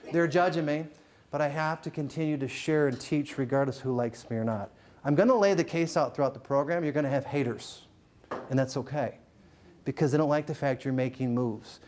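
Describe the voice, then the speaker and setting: A middle-aged man giving a live motivational keynote to a room, joking and teasing the crowd with quick questions. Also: on the high side, a little mellow, slight background noise. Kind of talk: live stage talk to an audience. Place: event room with a live audience.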